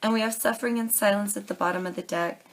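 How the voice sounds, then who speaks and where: A woman's voice: mid-range voice, fairly even intonation, fast, a little hiss or hum. A young adult woman doing a tarot reading to camera, earnest and pleading, calling her listeners darling and baby. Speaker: tarot reader.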